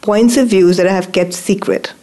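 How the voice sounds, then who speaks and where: A woman's voice: medium pitch, fairly even intonation, moderate pace, dark tone, low-quality recording. A woman talking as a guest on a coaching show, hesitant and full of restarts as she opens up. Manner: hesitant, many fillers and restarts while opening up. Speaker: guest receiving facilitation. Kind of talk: casual conversation.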